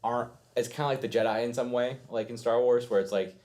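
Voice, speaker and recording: A young man co-hosting a casual podcast chat, animated and acting out scenes in quick voices. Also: medium pitch. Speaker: podcast co-host.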